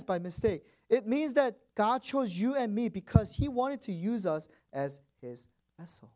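A man's voice: high voice, big pitch swings, measured pace, hardly any pauses, darkish tone. Man preaching an emphatic sermon. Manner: emphatic preaching with repeated phrases and rising stresses. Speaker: pastor.

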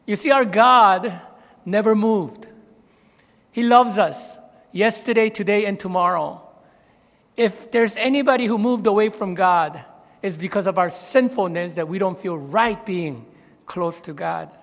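In a church sanctuary, a pastor delivers a sermon at a measured pace, the big room audible in the sound. He tells anecdotes and voices the people in them, raising his pitch for quoted characters.

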